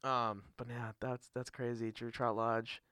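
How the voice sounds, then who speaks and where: A young man hosting a casual podcast chat, excitable and quick to laugh, often repeating himself as he tells stories. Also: mid-range voice, clear, resonant tone, dry recording, studio quality. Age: young adult. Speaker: podcast host.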